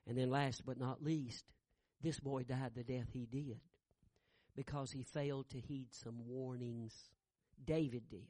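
A middle-aged man preaching a sermon, telling a family story and building to loud shouted peaks. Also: mid-range voice, steady tone, measured pace, dry recording, studio quality. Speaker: pastor.

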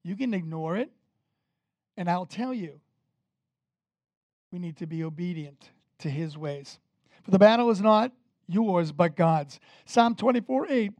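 A man preaching with emphasis, his voice swelling loud on key points and dropping low between them. He speaks straight to his listeners, asking them questions. The sound is dry and close, with no room echo. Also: expressive, a little slow, pauses often. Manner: emphatic, rises and falls in loudness, talks straight to the congregation. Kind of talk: sermon.

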